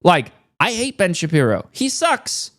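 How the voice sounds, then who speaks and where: Sarcastic, swearing man with a lively voice. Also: sits high, unhurried. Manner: sarcastic, blunt, swears a lot. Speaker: reaction commentator. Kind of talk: casual ranting commentary.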